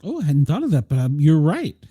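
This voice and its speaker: A man's voice: on the high side, wildly swooping pitch, brisk, dark tone, slightly rough, no echo, clean studio sound. A man hosting a live radio podcast, talking loosely and rambling, laughing often. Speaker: podcast host. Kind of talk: casual live radio chat.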